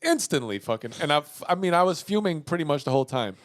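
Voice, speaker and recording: Man, podcast co-host, fairly high voice, spins a profane story, flips from yelling to mumbling. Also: quick pace, no echo, studio quality. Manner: profane, animated, swings between loud outbursts and muttering. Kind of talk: casual storytelling.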